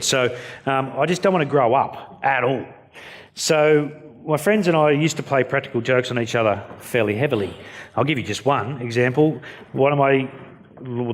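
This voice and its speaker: A man's voice: mid-range voice, slight background noise. Blunt joking Australian man giving a keynote. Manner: jokey, blunt, story-driven. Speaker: keynote speaker. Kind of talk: storytelling keynote speech.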